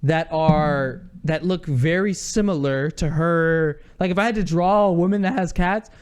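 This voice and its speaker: A man co-hosting a podcast, telling a story in casual chat, animated and laughing often. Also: fairly high pitch, measured pace, clean tone. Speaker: podcast co-host.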